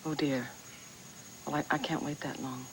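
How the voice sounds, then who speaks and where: A polite but relentless woman in an old TV soap, her voice lower and swinging widely in pitch. She gushes and insists in equal measure. Light hiss under her. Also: animated, fairly quick, low-quality recording. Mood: insistent. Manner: insistent, gushing. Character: pushy, persistent woman chasing old files. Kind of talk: 1980s TV soap opera acting.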